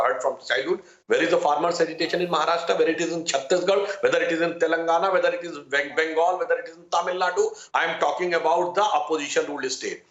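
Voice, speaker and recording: A man with an Indian English accent and a high, bright, forceful voice makes his case point by point. He is measured and emphatic. His voice comes in over a roomy, slightly dull remote feed. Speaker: party spokesperson. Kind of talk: political debate argument.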